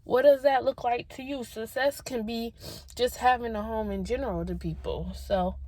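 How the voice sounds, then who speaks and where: A woman's voice: a little high, moderate pace, a little mellow, no room sound. A young woman talking to her viewers on camera, sharing heartfelt personal advice in an earnest, emotional way. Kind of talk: spontaneous heartfelt talk to camera.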